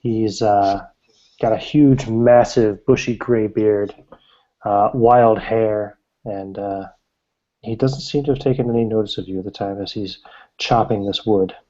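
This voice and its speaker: A man narrating as game master of a tabletop game, describing scenes with halting fillers. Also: on the low side, steady tone, dark tone. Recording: dull lo-fi recording.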